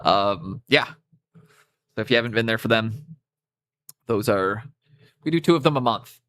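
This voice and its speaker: A man's voice: fairly low pitch, lively intonation, normal speed, fairly bright tone. Rambling Canadian guy streaming. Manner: rambling, self-interrupting, casual swearing. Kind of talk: casual live-stream chat. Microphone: cheap USB microphone.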